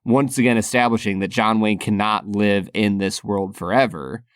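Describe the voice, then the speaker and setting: A man's voice: lowish voice, moderate pace, clear, resonant tone, dry recording, studio quality. Man co-hosting, earnest film talk. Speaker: podcast co-host. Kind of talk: casual film discussion.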